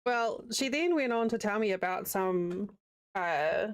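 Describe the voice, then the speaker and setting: A woman's voice: medium pitch, animated, measured pace, no echo. A woman in her thirties with a New Zealand accent, chatting casually and rambling while crocheting on a livestream, laughing easily. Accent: New Zealand, with a slight American Southern tinge.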